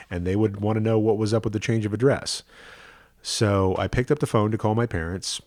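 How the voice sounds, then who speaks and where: A rabbi tells a personal story in a low-pitched voice. He speaks earnestly and conversationally, often checking in with the listener. The sound is close and dry. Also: darkish tone, dry recording.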